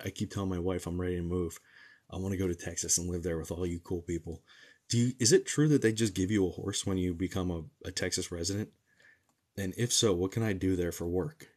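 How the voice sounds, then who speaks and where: A man's voice: low-pitched, a little mellow. A young man from New Jersey, a medium, chatting casually and joking as he reads out and answers livestream comments.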